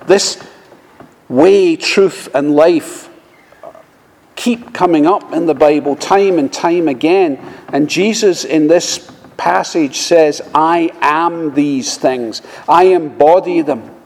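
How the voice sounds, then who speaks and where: A man preaching a sermon, speaking slowly and measuredly, often quoting scripture. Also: on the high side, a little mellow. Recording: long reverb of a large hall.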